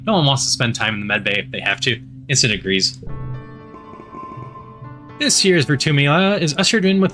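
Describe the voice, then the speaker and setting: A man reading a game playthrough aloud, quick with small stumbles and joking asides. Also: medium pitch, bright, forceful tone. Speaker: game narrator.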